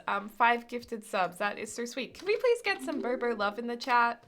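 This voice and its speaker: A young woman live-streaming a game, chatting casually and thanking viewers with excited outbursts. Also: fairly high pitch, moderate pace, few pauses, faint music behind.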